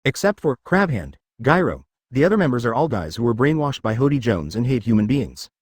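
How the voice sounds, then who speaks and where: A man reading a web novel aloud as a scripted story narration, in an even storytelling manner. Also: medium pitch, a little fast, slightly rough, dry recording, studio quality.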